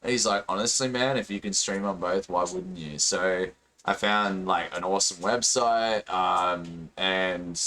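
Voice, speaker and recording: A man's voice: deep voice, measured pace, pushed and bright, a little hiss or hum. An Australian man hosting a podcast, talking casually with lots of fillers and the odd swear word. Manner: rambling, filler-heavy, swears freely. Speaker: podcast host and streamer. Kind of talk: casual chat.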